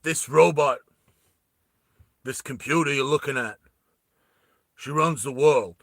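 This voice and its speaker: A man voicing a grim male mercenary leader who confesses his plans in a low, subdued voice. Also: slow, creaky, fairly bright tone, no room sound, clean studio sound.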